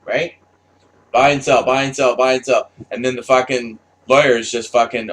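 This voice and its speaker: A man's voice: mid-range voice, steady tone, normal speed, fairly bright tone. A man delivering a heated, profanity-filled opinion rant, stammering and repeating himself as he talks. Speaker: commentator.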